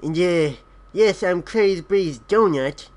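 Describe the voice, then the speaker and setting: A man voicing a laid-back, self-satisfied male genie donut who talks slowly. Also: sits high. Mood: smug. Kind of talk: comedic character voice for a gameplay video.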